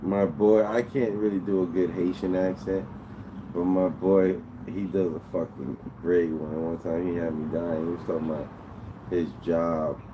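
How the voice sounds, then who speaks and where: Low-voiced, unhurried man, streamer chatting with chat, slangy and profane, noisy background. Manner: laid-back, profane, slangy. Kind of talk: casual chat reading chat. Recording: steady background noise with vehicle sounds.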